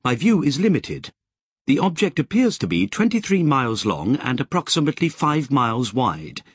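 A man voicing a precise, chattering male artificial intelligence with a crisp, eager way of talking. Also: medium pitch, very animated, normal speed, dry recording, studio quality, voice pushed up. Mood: clinical.

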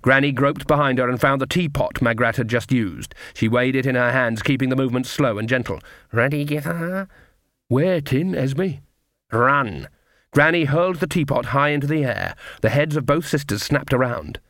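A man's voice: medium pitch, fairly quick, hardly any pauses, a bit bright, no echo, studio quality. Man reading a fantasy audiobook. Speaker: audiobook reader. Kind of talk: scripted narration.

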